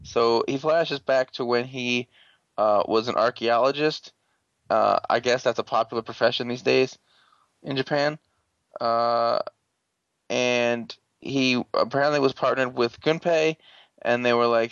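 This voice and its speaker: A man hosting a casual, profane recap, sarcastic and rambling with many fillers and throat clearing. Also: medium pitch, unhurried, a bit bright, no echo. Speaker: podcast host recapping a show. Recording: dull lo-fi dry sound.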